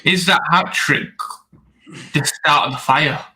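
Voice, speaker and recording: A man reads out viewers' comments and greets them on a casual football live stream. His tone is bright and sharp, pitched a little high. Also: takes it slowly, slight background noise. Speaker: fantasy football livestream co-host.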